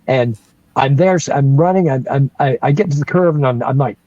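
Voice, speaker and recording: A man's voice: medium pitch, a little fast, dark tone, dry recording, muffled recording. A man, telling a story on a livestream in a rambling way, with restarts and chuckles. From North Carolina. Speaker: guest storyteller.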